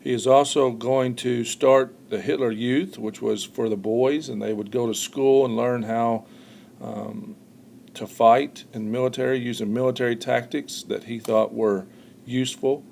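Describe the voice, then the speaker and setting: A man with a gravelly, mellow voice walks students through a history lesson. He explains step by step, stopping on "uh" and doubling back on words. A faint hiss sits under the recording. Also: medium pitch, steady tone, measured pace. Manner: explanatory, frequent "uh" fillers, repeats words. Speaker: history teacher. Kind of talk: recorded classroom lecture.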